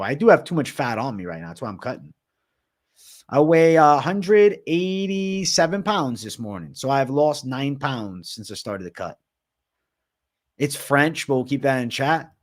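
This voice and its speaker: A young man running a casual MMA livestream Q&A, with a voice at an everyday mid male pitch. He swears often and drops slang like bro and dog, and he answers chat in a loose, offhand way. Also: big pitch swings, moderate pace. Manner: profane, slangy, calls viewers bro.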